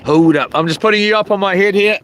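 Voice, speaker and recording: High-voiced and sharp, this man talks quickly in a steady tone while chatting on his outdoor fishing stream. He's relaxed and full of slang, chuckling at his own gags, and there's a slight hiss or hum underneath.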